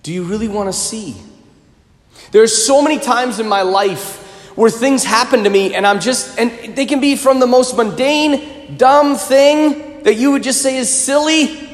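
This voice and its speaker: A priest preaching a sermon, telling a personal story in an animated way with chuckling asides. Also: male voice, extremely high pitch, unhurried. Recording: echoey reverberant hall.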